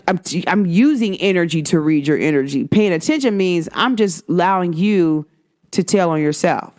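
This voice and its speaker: A woman's voice: fairly low pitch, darkish tone. A young woman hosting her own show, giving a casual, chatty spiritual energy read to her viewers, repeating herself for emphasis. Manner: chatty, repetitive, emphatic with frequent "like" and "guys". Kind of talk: casual spiritual vlog talk.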